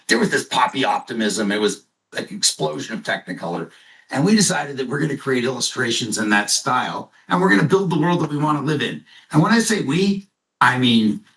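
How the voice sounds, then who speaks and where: Man, presenter, lively casual pitch, jokey asides, echoey room, off-mic. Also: far from the mic. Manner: animated, jokey storyteller. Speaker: company presenter.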